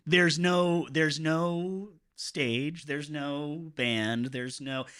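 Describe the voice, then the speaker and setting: A man's voice: on the high side, extremely slow, a bit bright, smooth. A man as a podcast guest, chatting casually with joking, teasing asides. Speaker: podcast guest, fellow worship leader.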